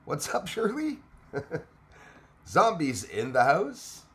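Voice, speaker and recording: A man's voice: fairly high pitch, huge pitch swings, drawn-out words. A man hosting a casual livestream, greeting commenters by name, laughing often and chatting loosely. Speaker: livestream host. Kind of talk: casual live chat with viewers.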